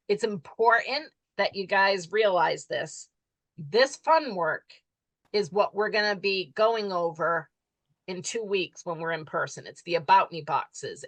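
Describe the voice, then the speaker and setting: A woman leading an online class over a video call, friendly and chatty, her voice a little hoarse. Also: medium pitch, fairly bright tone, dry recording, low-quality recording. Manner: friendly, chatty, says she is losing her voice. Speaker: class leader.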